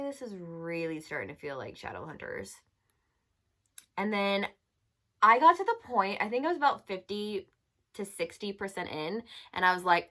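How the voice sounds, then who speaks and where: Young woman reviewing a book, kinda low voice, chatty and fed up, lots of likes and ums. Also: fairly bright tone. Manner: chatty, exasperated, many fillers. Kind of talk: casual chat.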